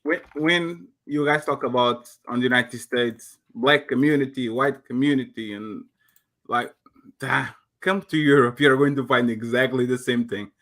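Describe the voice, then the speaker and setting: A man from Portugal with a Portuguese accent, talking animatedly as a guest on a panel discussion. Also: a little slow. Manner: animated, acts out quotes in high voices.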